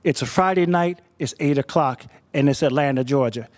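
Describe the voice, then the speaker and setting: A man's voice: medium pitch, normal speed, pitched below the performer's own voice, close to an everyday voice. A man voicing a friendly, playful train conductor who talks in easygoing slang. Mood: hearty.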